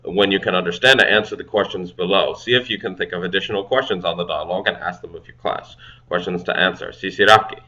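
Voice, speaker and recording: A man hosting a casual language-learning video, sounding out foreign phrases slowly and then explaining them in quick, offhand asides. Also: sits low, bright, forceful tone, lo-fi sound. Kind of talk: casual self-study language lesson.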